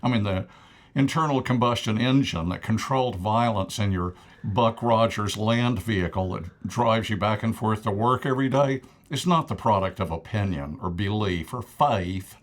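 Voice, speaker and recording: Lowish voiced guy on a tv talk show, emphatic and lecture-y, likes to crack jokes. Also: normal speed. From United States. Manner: emphatic, lecturing, joking asides. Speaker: co-host and author. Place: local TV studio.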